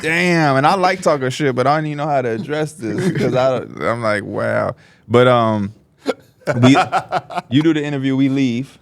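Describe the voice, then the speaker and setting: Telling stories as a podcast co-host, this man chats casually and animatedly, performing the voices of people he quotes with large pitch leaps. He has vocal fry and a moderate pace, in a dry recording.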